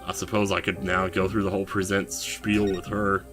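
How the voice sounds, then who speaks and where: A man's voice: low-pitched, level tone, moderate pace, music in the background. A man giving casual, joking commentary while playing a game. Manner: chatty, joking asides to the viewer. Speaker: let's play host.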